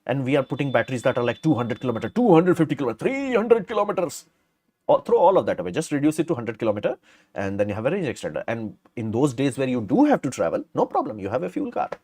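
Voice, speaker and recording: A man's voice: mid-range voice, big pitch swings, rapid-fire, darkish tone, slightly rough. A middle-aged man, hosting a casual live stream and answering viewer questions in a blunt, rambling way full of fillers.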